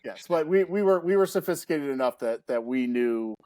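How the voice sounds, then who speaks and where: A man's voice: mid-range voice, animated, a little fast, a little mellow, dry recording. A man in his forties, guest-hosting a casual podcast, telling stories with laughs and frequent restarts. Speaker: guest host.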